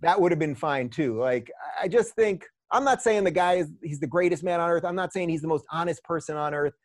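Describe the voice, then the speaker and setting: A middle-aged man, a podcast guest, telling stories in a casual, animated way and often repeating words as he starts phrases. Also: on the high side, a little fast, dry recording, clean studio sound. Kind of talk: casual storytelling. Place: lives in a large US city.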